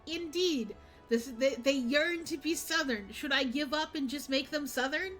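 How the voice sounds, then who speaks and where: A woman's voice: high-pitched, unhurried, fairly bright tone, faint music behind. A woman streamer casually commenting on a game, chatty and laughing, often stopping herself mid-sentence. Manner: chatty, laughing, self-interrupting. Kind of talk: casual let's-play commentary.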